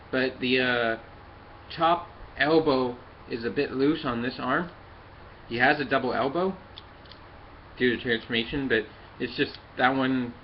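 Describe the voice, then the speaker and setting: A man talks through a hands-on toy review in a mid-pitched voice, pausing often with fillers as he works the parts. The recording sounds a little dull and lo-fi, with a faint hiss underneath. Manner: halting, many fillers, talks while handling the toy. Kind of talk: casual hands-on review and demonstration.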